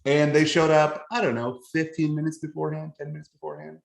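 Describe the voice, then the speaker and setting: A man's voice: fairly high pitch, level tone, quick pace, creaky, echoey room. A man co-hosting a podcast, talking in a joking, rambling way and laughing often. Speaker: podcast co-host. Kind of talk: casual podcast chat.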